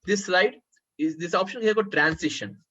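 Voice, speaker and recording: A husky, slightly high-pitched man leads a live software workshop, talking his listeners through each step. He keeps asking whether they can see the screen and calls them friends. The recording sounds muffled and lo-fi. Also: a little fast. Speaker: workshop trainer.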